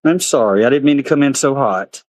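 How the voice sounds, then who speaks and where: A male vlogger chats casually into a handheld camera outdoors at an animal park, talking to the animals in a high sing-song. His voice is expressive and a little fast, with a darkish tone and no echo.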